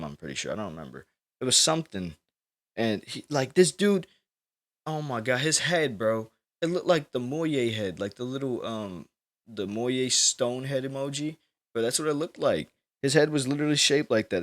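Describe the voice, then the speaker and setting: A man's voice: sits low, fairly bright tone. A young man hosting a podcast, telling a story in loose, rambling, profane casual chat. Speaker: podcast host.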